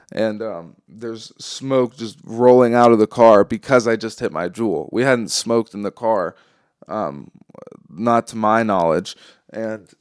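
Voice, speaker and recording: A man's voice: lowish voice, clean tone, no room sound, clean studio sound. A young man hosting a podcast, telling a long story in a rambling, casual way, full of swearing and ums. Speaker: podcast host.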